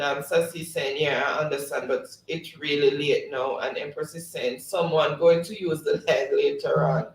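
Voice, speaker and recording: A man's voice: on the high side, reverberant, distant mic, low-quality recording. A man hosting a livestream, reading chat comments aloud and laughing often. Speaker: livestream host.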